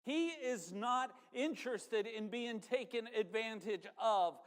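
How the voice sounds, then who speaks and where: High-voiced pastor in a reverberant church. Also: male voice, takes it slowly. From northern United States. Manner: conversational, folksy asides to the congregation. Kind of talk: sermon. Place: church sanctuary.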